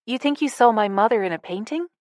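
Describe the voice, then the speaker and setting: A woman narrator voicing a calm young American woman who teaches yoga, with an American accent. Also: fairly high pitch, fast talker, no echo, clean studio sound, pitched above the performer's own voice, close to an everyday voice.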